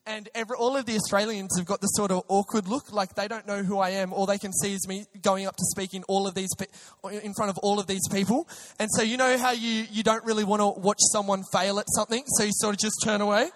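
A young man, a preacher, telling an excitable personal testimony story with many restarts. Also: sits high, fast, hardly any pauses. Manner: animated, excitable, with frequent restarts.

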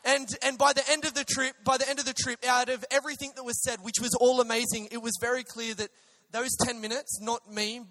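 A young man, a preacher, telling an excitable personal testimony story with many restarts. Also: very high voice, a little fast. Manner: animated, excitable, with frequent restarts.

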